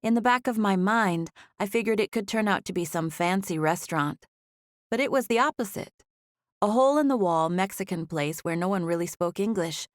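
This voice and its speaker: A woman narrating a romance audiobook in the first person, with expressive storytelling. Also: medium pitch, normal speed, no room sound, clean studio sound.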